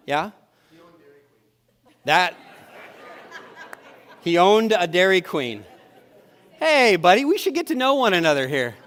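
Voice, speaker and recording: A pastor telling a story in a casual, self-deprecating way during a sermon. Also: male voice, sits high, a bit bright. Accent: Upper Midwest American. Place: church sanctuary. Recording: live church sermon with hall reverb.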